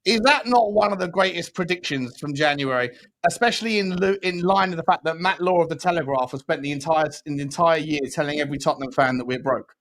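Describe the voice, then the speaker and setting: Excitable man talking football. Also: a little high, quick pace, poor audio. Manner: excitable banter, slangy. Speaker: host. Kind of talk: casual football podcast chat.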